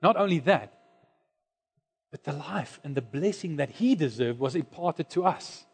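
A man preaching a sermon, dropping to hushed low lines and then rising to loud, high exclamations. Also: lively intonation, a little slow, slightly rough. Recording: long hall reverb.

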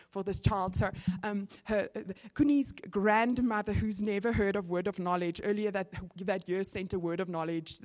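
A middle-aged woman, giving an animated testimony in a sermon, with sudden bursts of excitement. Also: mid-range voice.

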